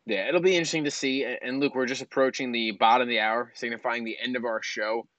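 A man co-hosting a sports talk show, steering the segments with a relaxed, wry delivery. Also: mid-range voice, fast talker, no echo, muffled recording. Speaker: co-host.

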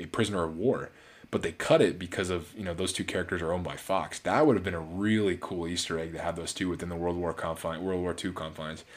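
A man giving a casual solo movie review, rambling with many restarts and fillers. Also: sits low. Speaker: film reviewer.

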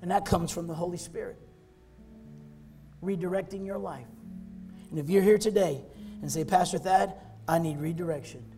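A male pastor giving a fervent altar-call sermon, repeating phrases and rising to loud shouts. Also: high voice, normal speed, long pauses, soft background music.

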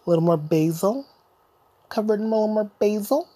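Young guy podcast host cussing out the listener, husky and mellow voice, just ranting solo. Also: high voice, moderate pace. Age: young adult. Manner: profane, insulting, mock-lecturing the listener. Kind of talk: solo comedic rant.

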